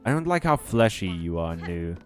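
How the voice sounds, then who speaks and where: A man talking through a game in a loose, swearing, joking way. His voice swings widely in pitch, and quiet game music runs underneath. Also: sing-song, normal speed. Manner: casual, profane, joking. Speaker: game streamer. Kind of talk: let's play commentary.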